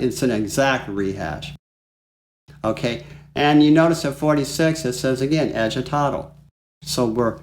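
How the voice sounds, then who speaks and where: Guy giving a flute lesson, laid back and chatty, sings bits of the tune, mid-pitched voice. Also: slight background noise. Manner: relaxed, chatty explaining, sings phrases aloud. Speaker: flute teacher. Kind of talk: music lesson. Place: home studio.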